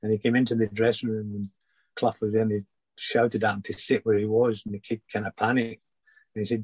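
An older man, a former footballer, telling anecdotes in a relaxed interview with many restarts and fillers. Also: fairly low pitch, brisk, breathy edge, no echo, poor audio.

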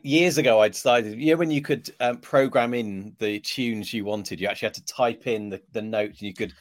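A man's voice: lowish voice, brisk. A man co-hosting a podcast, asking questions in a playful, teasing way. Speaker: podcast co-host. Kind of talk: casual podcast chat.

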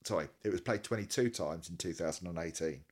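A man's voice: low voice, quick pace, husky. A man co-hosting a casual chat, enthusiastic, reeling off statistics and laughing often. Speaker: podcast co-host.

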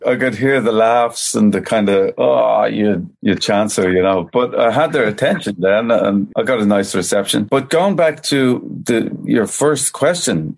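Lowish-voiced middle-aged Irish-born musician. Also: male voice. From Ireland. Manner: relaxed rambling anecdotes, lots of "you know". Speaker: musician guest. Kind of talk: storytelling in an interview.

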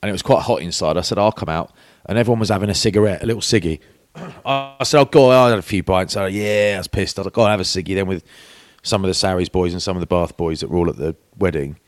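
A man's voice: low voice, fast, few pauses, no echo. A man in his forties, co-hosting a podcast in casual chat, telling anecdotes and acting out quoted voices. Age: 40s. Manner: chatty storyteller, acts out quoted voices. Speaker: podcast co-host.

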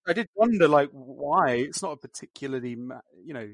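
A man with a gravelly, creaky voice chats about a film, reading out anecdotes and letting his sentences trail off. The sound is dry and close. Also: mid-range voice, lively intonation, fairly quick, no room sound. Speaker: podcast guest. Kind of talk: casual film podcast chat.

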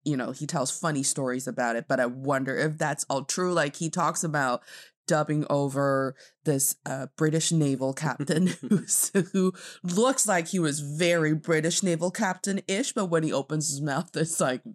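A podcast host chatting casually, reacting quickly with animated interjections and laughter. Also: mid-range voice.

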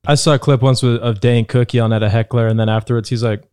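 Male comic co-host, smooth mid-pitched voice, easygoing banter. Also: steady tone, a little mellow. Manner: chatty, quick to laugh, reacts to others. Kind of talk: casual podcast chat.

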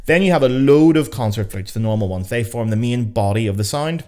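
A man's voice: medium pitch, lively intonation, brisk, a little mellow. A young man with a Belfast accent hosting a casual educational podcast, chatty, joking and swearing freely. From Northern Ireland. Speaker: podcast host. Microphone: podcast mic.

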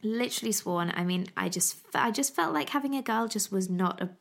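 A woman's voice: medium pitch, animated, brisk, gravelly. A young woman hosting a podcast in a casual, chatty way, gushing and often repeating herself. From England. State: pregnant. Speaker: podcast host. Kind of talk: casual chat.

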